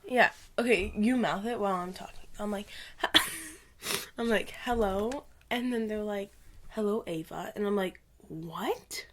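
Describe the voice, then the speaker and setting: A woman's voice: mid-range voice, steady tone, slight background noise. A young woman co-hosting a podcast, retelling a strange phone call in a giggly, casual way and acting out the quotes. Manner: giggly, quick, acts out quoted lines. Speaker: podcast co-host. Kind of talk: casual storytelling chat.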